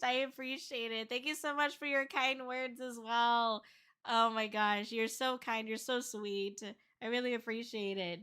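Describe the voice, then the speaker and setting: A young woman talks to her stream viewers in a loose, candid ramble, circling back and restarting her sentences. Her voice sits a little high and sounds bright and forward. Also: steady tone, measured pace, clean tone. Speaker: VTuber streamer. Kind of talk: casual livestream chat.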